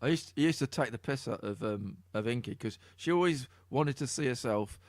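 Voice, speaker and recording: Chatty East Midlands man, lively voice. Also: mid-range voice, brisk, no echo. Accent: East Midlands English. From Middle England. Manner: chatty, laughs often, swears casually. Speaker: podcast host. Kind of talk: casual chat.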